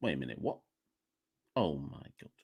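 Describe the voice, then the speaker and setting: A man hosting a live podcast from home, chatty and rambling, low on energy and exasperated. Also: big pitch swings, normal speed, creaky, husky. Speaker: podcast host. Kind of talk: casual live-stream chat. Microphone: desk microphone, unplugged at first.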